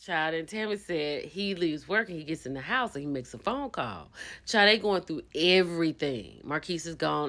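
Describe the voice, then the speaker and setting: A woman recaps a reality show as casual gossip. Her voice is bright and her pitch leaps all over the place. She acts out what the people on the show said. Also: normal speed. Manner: gossipy and expressive, acts out quotes, bursts into laughter.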